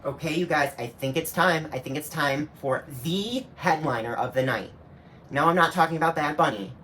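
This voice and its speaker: A man's voice: a little high, normal speed, sharp tone. A man reacting on camera in a sassy, snarky way, tossing out slangy asides in a casual running commentary. A faint hiss sits under his voice throughout. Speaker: reaction video host.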